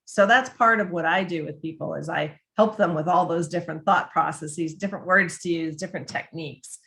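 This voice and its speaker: Fairly quick with few pauses, a woman with a lowish, fairly bright voice gives a conversational presentation. She writes about dementia care, and her chatty delivery includes many restarts and acted-out quoted voices.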